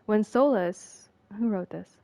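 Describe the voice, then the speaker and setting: A woman's voice: medium pitch, takes it slowly, creaky, a little mellow. A woman streaming a game, reading in-game text aloud with casual asides and frequent laughter.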